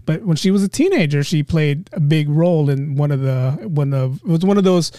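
A man's voice: on the high side, lively intonation, fairly quick, dark tone, no room sound, clean studio sound. A man hosting a casual podcast interview, chatty and enthusiastic, with lots of fillers. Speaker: podcast host.

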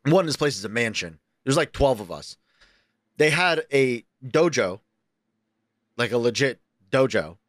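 A man from New York co-hosting a podcast, telling stories in a loose, animated, profane way and jumping into high excited voices when he quotes himself. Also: unhurried, no room sound, clean studio sound. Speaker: podcast co-host. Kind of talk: casual chat, storytelling.

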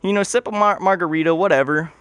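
A man's voice: high voice, fast, fairly bright tone, slight background noise. A young man telling a goofy, rambling improvised story, interrupting and correcting himself as he goes.

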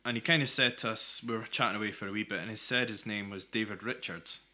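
A man's voice: on the low side, steady tone, quick pace, pushed and bright. A Scottish man co-hosting a podcast, telling a long anecdote in a rambling way with dry humour. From Scotland. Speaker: podcast co-host. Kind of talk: casual storytelling chat.

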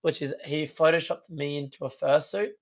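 Young man, streamer guest, casual chat, hesitant and rambling, fairly high voice. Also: steady tone, normal speed, creaky. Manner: rambling, hesitant, many fillers and swearing.

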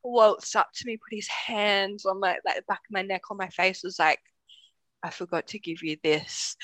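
A woman's voice: mid-range voice, normal speed, a bit bright, no room sound. A young woman, co-hosting a podcast and telling personal stories in a candid, casual way, swearing freely and laughing as she talks. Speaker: podcast co-host. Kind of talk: casual storytelling chat.

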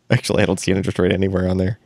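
A man hosting a casual tech podcast, animated and laughing often, with frequent restarts. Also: deep voice, rapid-fire, vocal fry, dry recording. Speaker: podcast host.

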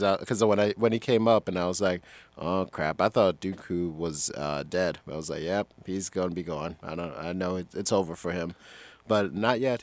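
A man's voice: deep voice, darkish tone, no room sound. A man co-hosting a podcast in casual chat, rambling along, chuckling often and trailing off. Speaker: podcast co-host.

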